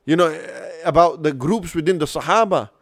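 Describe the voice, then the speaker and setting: A man's voice: on the high side, fairly quick, creaky, no echo, clean studio sound. A man hosting a religious podcast, talking earnestly and giving advice, with frequent restarts. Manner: earnest, advisory, many restarts. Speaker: podcast host. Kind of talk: casual podcast discussion.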